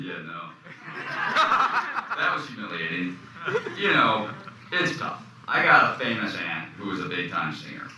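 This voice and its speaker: A low-pitched man tells stories in a lively, swooping voice, acting out the lines he quotes. He is picked up from a distance in a very echoey room. A steady noise runs underneath. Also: measured pace, pauses often. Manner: animated storyteller, acts out quotes. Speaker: actor, interview guest. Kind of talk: anecdotal interview storytelling.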